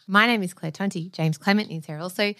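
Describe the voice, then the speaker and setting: A woman's voice: mid-range voice, fairly quick, bright, forceful tone, no room sound, clean studio sound. A woman co-hosting a podcast in casual chat, playful and teasing, often laughing. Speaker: podcast co-host.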